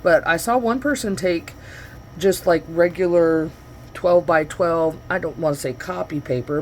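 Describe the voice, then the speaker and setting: A woman's voice: fairly low pitch, darkish tone, a little hiss or hum. A woman vlogger chatting her way through a crafting demo in her home studio, rambling and correcting herself as she goes, picked up by the camera's own microphone.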